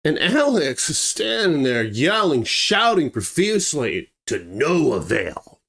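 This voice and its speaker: Male storyteller, conversational, emphatic delivery, slightly high pitch. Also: sing-song, slow, gravelly, fairly bright tone. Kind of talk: dramatic true-story narration.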